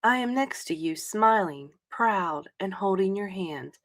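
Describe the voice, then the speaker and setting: Woman, soft tender reading voice, measured, mid-pitched, sentimental read-aloud. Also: expressive.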